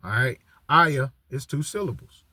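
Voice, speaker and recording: Speaking at a measured pace, this religious teacher has a medium-pitched voice with lively intonation, pushed and bright, in slightly rough audio. His casual teaching is full of restarted phrases and repeated "all right" check-ins with his listeners.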